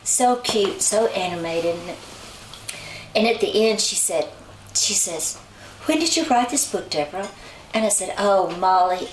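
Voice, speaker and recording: A woman tells her story in a chatty, relaxed way, slipping into lively voices whenever she quotes someone. She sits some way back from the mic in a roomy, echoing space, with a faint hiss underneath. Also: mid-range voice. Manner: chatty, acts out quoted people with lively shifts in voice. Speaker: songwriter and author guest. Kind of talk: casual storytelling in an interview. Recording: roomy sound from a distant mic, faint noise.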